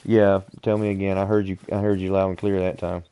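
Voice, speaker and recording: A man with a low, even voice chats casually while streaming a game, unhurriedly steering his fellow players around the map. His tone is smooth and warm, and the recording is close and dry. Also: no room sound. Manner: unhurried, explains directions to other players. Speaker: gaming streamer. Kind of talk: casual gameplay chat.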